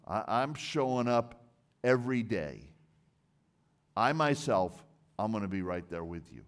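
A pastor preaches a church sermon in a fairly low voice with lively intonation, unhurried and pausing often. He is earnest and emphatic, stressing and repeating key words, and sometimes stumbles as a phrase begins.

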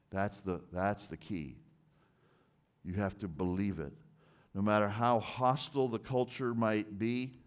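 A man preaching a sermon in an earnest, emphatic way, often repeating and restarting words. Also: on the low side. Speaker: pastor.

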